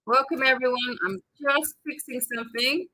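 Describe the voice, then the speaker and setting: A woman's voice: sits high, steady tone, normal speed, bright, forceful tone, low-quality recording. An Australian woman hosting a live psychic-reading stream, chatting casually and reading out viewers' names and places.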